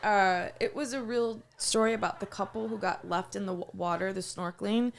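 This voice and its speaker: A woman's voice: medium pitch, fairly even intonation, fairly quick, vocal fry, a little hiss or hum. A woman co-hosting a podcast in casual chat, telling stories and trailing off as she searches for words. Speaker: podcast co-host.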